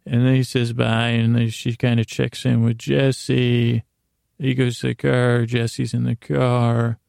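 Brief: sleep-podcast host, a man from upstate New York, gravelly and mellow, rambling with fillers. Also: medium pitch, little pitch movement, slow, dry recording, clean studio sound. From Syracuse, New York, US. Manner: rambling, full of fillers and restarts. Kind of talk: meandering bedtime storytelling.

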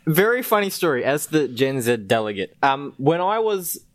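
A young man in his twenties talks on a radio panel. His pitch moves a lot and he hesitates with fillers as he rambles. The sound is dry and close. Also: very animated, moderate pace, no room sound. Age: 20s. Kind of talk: casual radio panel chat.

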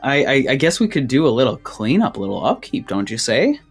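Guy running a tabletop game, intense narration, mid pitch voice. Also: sing-song, a little fast, slightly rough, faint music behind. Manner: intense second-person narration, then loose chatty rules talk. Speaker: game master.

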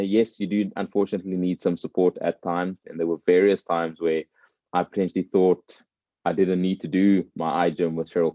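A man's voice: low voice, no room sound, lo-fi sound. A man, a former rugby player, talking thoughtfully in conversation and telling anecdotes about resilience. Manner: thoughtful, tells stories with voiced characters. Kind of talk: reflective conversation.

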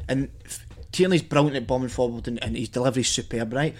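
A man's voice: mid-range voice, quick pace. A Scottish man, a former footballer, co-hosting a podcast, talking enthusiastically about football and stumbling over his words. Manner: enthusiastic, repeats himself, laughs often. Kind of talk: casual football chat.

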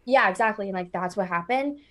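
A woman's voice: medium pitch, fairly quick, fairly bright tone. A woman in her twenties, a podcast guest, talking in a rambling casual way with many fillers. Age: 20s. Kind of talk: casual chat.

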